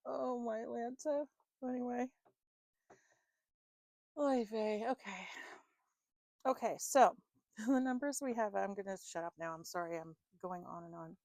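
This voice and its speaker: A woman's voice: mid-range voice, steady tone, moderate pace, darkish tone, dry recording. Woman rambling about herself between tarot pulls, lots of like and um, dry close sound. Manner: chatty, self-deprecating, laughs often, many fillers. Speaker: tarot card reader. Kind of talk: rambling casual monologue.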